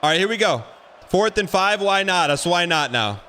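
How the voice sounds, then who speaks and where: A man streaming a football video game, giving excitable running commentary and repeating phrases as he plays. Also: high voice, normal speed, a little hiss or hum. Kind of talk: live gameplay commentary.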